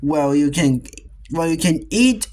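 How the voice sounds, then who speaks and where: A man voicing a bossy young boy who shouts orders while making a home movie. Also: on the high side, animated, a little slow. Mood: commanding.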